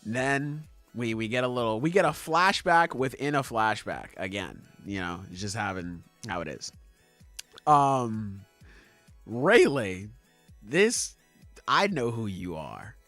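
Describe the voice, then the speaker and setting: Podcast co-host, lively swooping voice, unhurried, dry close sound, swearing and laughing. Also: medium pitch, no room sound, faint music behind. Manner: animated, profane, laughs a lot. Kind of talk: casual chat recapping comics.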